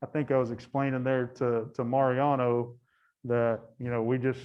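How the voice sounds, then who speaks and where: A man's voice: mid-range voice, flat delivery, normal speed, clean tone, dull audio. A man casually commenting while he watches cattle, chatty, laughing often and breaking off his sentences. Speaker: guide.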